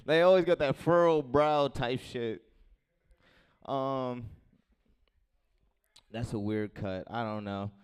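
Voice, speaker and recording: A man's voice: medium pitch, takes it slowly, long pauses, smooth. Laid-back male stand-up comic. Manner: laid-back, mumbling asides, then bursts of shouting. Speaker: stand-up comedian. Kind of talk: stand-up crowd work. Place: comedy club stage.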